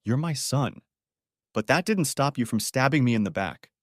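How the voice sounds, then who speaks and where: A man's voice: medium pitch, animated, moderate pace, dry recording, studio quality, natural voice. A man voicing a bitter middle-aged mother who talks coldly and scolds harshly, in a storybook reading. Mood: angry. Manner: cold and indifferent, then harsh and scolding.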